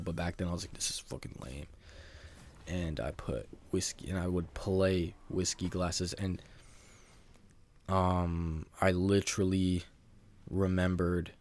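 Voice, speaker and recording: A man's voice: low voice, darkish tone. A young man telling an embarrassing story from his school days in a rambling, self-mocking casual monologue, full of "like" and "bro".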